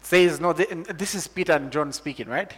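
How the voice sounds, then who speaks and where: Zambian guy preaching, kinda high voice, calm then gets loud and fired up, long echo in the room. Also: brisk, slightly rough. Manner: builds from calm teaching to loud excited preaching. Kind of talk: sermon.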